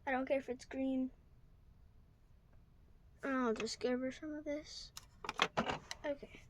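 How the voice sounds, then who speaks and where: Brief: high, bright-pitched woman vlogger, chatty talk to viewers at home, a faint hiss behind. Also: fairly even intonation, takes it slowly, rough recording. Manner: chatty, talks to viewers, thinks aloud. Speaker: toy horse vlogger. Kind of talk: casual running commentary while organizing. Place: at home in her bedroom.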